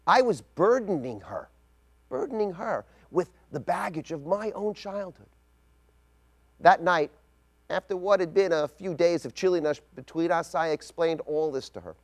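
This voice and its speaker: A middle-aged man giving a scripted spoken essay as a rabbi, telling a personal story in a measured, reflective way. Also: on the high side, animated.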